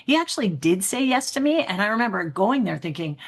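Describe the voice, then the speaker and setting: A woman's voice: medium pitch, brisk. A middle-aged woman, a trainer and author, telling candid personal stories as an interview guest and acting out her own past thoughts as she goes. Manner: animated storyteller who acts out her own past thoughts; upbeat and candid, with frequent "like" and "right?". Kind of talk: casual interview storytelling.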